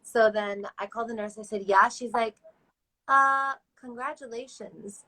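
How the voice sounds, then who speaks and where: A woman recounting a personal experience as an interview guest, animated and acting out other people's lines. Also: medium pitch, normal speed, poor audio. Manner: animated, acts out voices in quotes.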